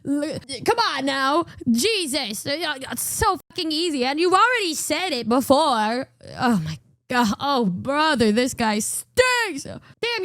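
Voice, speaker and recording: Giggly high-voiced woman streamer, dry sound. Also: fairly bright tone, no echo. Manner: giggly, swears freely, teasing. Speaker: streamer reacting to viewer clips. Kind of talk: casual chat.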